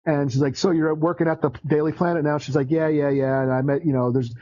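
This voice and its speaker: Male podcast co-host, a bit high-voiced, loose rambling storyteller who curses, muffled dry recording. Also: fairly even intonation, fast, warm tone. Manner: rambling, profane, laughs while retelling. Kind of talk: casual comic book chat.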